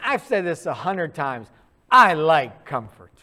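A man preaching a sermon in a conversational, animated storytelling way, acting out quick asides. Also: on the high side.

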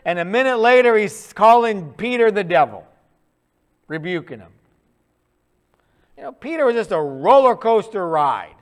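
A man preaching a sermon in a conversational, animated storytelling way, acting out quick asides. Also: high-pitched.

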